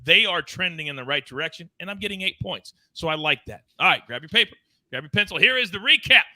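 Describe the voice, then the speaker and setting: Male sports host, high, very bright voice, dry close sound, bouncy hype delivery. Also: expressive, fast, dry recording. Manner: loud, playful, swings up and down in pitch. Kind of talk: energetic sports betting show banter.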